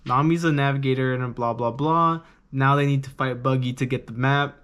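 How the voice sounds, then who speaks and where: A man's voice: medium pitch, fairly even intonation, a little fast, fairly bright tone, smooth. A young man casually reviewing a manga, rambling and swearing loosely in a laid-back way.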